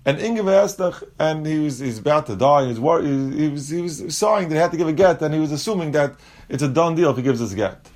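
A man teaching a Talmud lesson, explaining step by step and mixing English with Aramaic and Hebrew terms. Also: quick pace. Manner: animated, jumps in pitch when acting out quotes.

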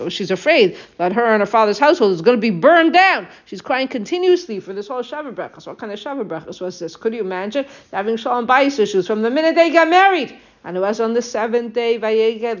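A woman teaching a text study lesson, reading verses, translating them and retelling the story with expressive asides to her listeners. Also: fairly high pitch. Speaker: Bible teacher. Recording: dull lo-fi audio.

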